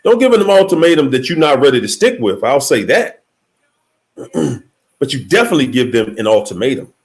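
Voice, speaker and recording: A man hosting a motivational livestream, talking emphatically and straight to his viewers, swinging between high exclaims and low murmurs. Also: very animated, brisk. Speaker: livestream host.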